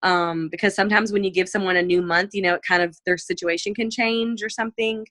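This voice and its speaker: Chatty sales lady on a video call, bright voice, dry close sound, lots of "like". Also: quick pace, no room sound. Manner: chatty, heavy use of "like" and "you know"; animated, jumps up in pitch when acting out messages. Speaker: direct sales team leader. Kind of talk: casual sales coaching talk. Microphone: video call mic.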